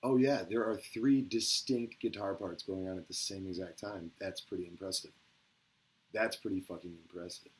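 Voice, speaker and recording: A man talking casually to the camera in a rambling, profane way. He gets excited at times and drops into a mumble at others. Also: low voice, moderate pace, slightly rough, low-quality recording.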